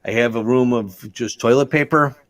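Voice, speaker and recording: A man's voice: medium pitch, normal speed. A man hosting a casual comedy podcast, dry and joking in a laid-back way. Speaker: podcast host.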